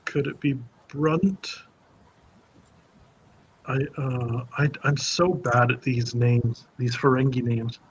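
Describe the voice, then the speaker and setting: A man's voice: mid-range voice, fairly even intonation, takes it slowly, long pauses, breathy edge, rough recording. A man competing in a trivia quiz, joking and thinking aloud while unsure of answers. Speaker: quiz contestant. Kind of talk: casual chat.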